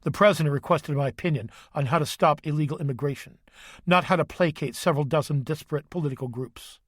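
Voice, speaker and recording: A man's voice: on the high side, fast, dry recording, studio quality, close to an everyday voice. A man reading a stern, clipped Army sergeant major. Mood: firm. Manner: clipped, firm, respectful.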